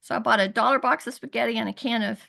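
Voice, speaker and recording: A middle-aged woman on a video call, earnestly telling a hard personal story, halting and rising in pitch when upset. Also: steady tone, vocal fry, pushed and bright. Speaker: guest sharing her story. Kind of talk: emotional personal testimony.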